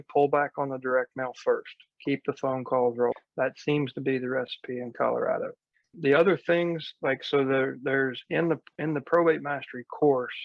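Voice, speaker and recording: A man with a gravelly, fairly flat voice coaches real estate investors in a live online session. He talks in a practical, conversational way. The sound is dry and a little dull. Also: medium pitch, dry recording. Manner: conversational, practical advice with quoted asides.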